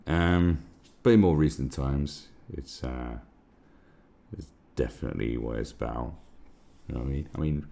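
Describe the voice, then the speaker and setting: A man's voice: a bass voice, moderate pace, gravelly, mellow, slight background noise. A man hosting a live stream, ranting sarcastically and swearing a lot in casual commentary. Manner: crude, sarcastic, swears often.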